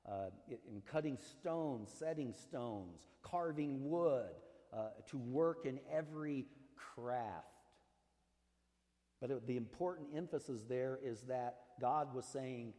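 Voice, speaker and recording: A male pastor delivers a sermon in a mellow, relaxed voice, pressing and stretching the words he wants to land. He keeps it conversational with small asides and fillers. His voice rings with a long reverb, as in a church sanctuary. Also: medium pitch, slow pace. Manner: earnest, stresses key words, stretches them out.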